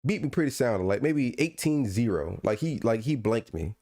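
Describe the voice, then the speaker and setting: Chatting casually as a podcast co-host, this man tells lively stories and launches into playful rants. His voice is medium in pitch with a moderate pace, and he frequently repeats and restarts what he says.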